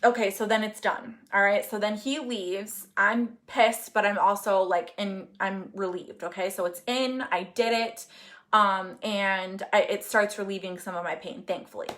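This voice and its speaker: A woman's voice: mid-range voice, steady tone, unhurried, a bit bright. A young woman talking casually on a live stream, telling a long personal story with lots of fillers and asides to viewers. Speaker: host of a live Q&A.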